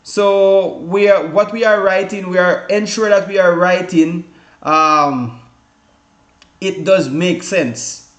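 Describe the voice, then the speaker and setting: A high-pitched, fairly bright male voice, taking it slowly: a tutor from the Caribbean runs a loose exam-prep session in an echoey room. He rambles with many fillers and restarts, often saying "guys" and "all right."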